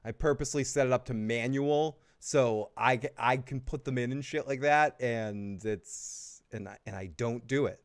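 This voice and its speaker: A man's voice: medium pitch, normal speed, hardly any pauses, clear, resonant tone. A man hosting a live recap stream, rambling and swearing casually with frequent restarts. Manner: rambling, profane, restarts often. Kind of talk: casual live review chat.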